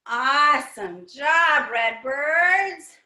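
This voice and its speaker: A woman's voice: high-pitched, lively intonation, very slow, sharp tone. A young woman teaching a story-time yoga class for children in an encouraging, sing-song way, recorded on her computer's microphone. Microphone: computer mic.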